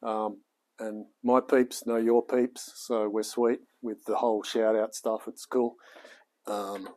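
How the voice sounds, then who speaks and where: A man's voice: lowish voice, little pitch movement, slow, a little mellow. An Australian man in his late forties chatting casually on his live stream, laid-back and rambling, with plenty of slang. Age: late 40s. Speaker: live-streaming home mechanic.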